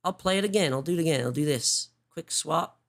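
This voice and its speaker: A woman's voice: low voice, creaky. Foul-mouthed woman hosting a stream. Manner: swears often, talks in quick restarts. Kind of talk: casual livestream commentary.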